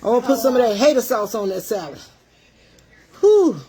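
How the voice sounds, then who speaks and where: A woman's voice: a little high, racing, a little mellow. An older woman hosting a casual livestream, out of breath and greeting her viewers by name. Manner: chatty, greets commenters by name. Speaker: livestream cooking show host.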